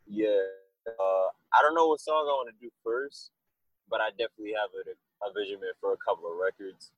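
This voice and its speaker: A man being interviewed about his music, talking in a loose, rambling way and telling animated stories. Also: fairly low pitch, fairly quick, no room sound, muffled recording. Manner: rambling, animated storytelling with laughs. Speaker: musician guest. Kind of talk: casual interview chat.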